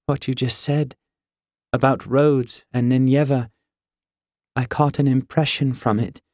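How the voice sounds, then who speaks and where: A man voicing a perceptive young woman in an audiobook, with a lighter, higher voice and a soft teasing edge. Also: fairly even intonation, measured pace, no room sound, studio quality, close to an everyday voice. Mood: uneasy. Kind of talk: audiobook character voice.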